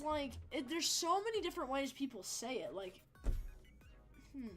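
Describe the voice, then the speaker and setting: Over gameplay on her livestream, a young woman rambles in a sing-song voice that sits high, at a moderate pace. She swears freely and laughs often, with faint music in the background.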